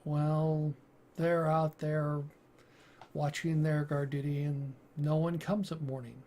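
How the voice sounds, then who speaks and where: A man who is a game master and YouTuber, telling stories from his campaigns in a deliberate, halting way. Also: fairly high pitch, little pitch movement, mellow. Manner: slow, deliberate, halting with fillers and restarts. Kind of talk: casual storytelling monologue.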